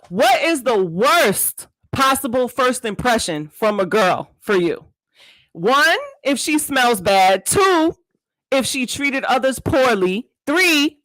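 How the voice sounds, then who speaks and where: A woman's voice: a little high, fairly bright tone, dry recording, low-quality recording. A woman hosting a podcast, chatting casually in slang, laughing often and reading out multiple-choice questions to her guest. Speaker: podcast host. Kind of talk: casual interview chat.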